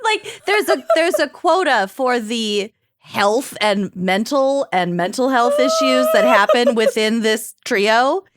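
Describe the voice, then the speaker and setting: A woman's voice: fairly high pitch, wildly swooping pitch, takes it slowly. A woman co-hosting a podcast in casual chat, joking dryly and laughing often. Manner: dry joking, frequent laughter. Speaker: podcast co-host.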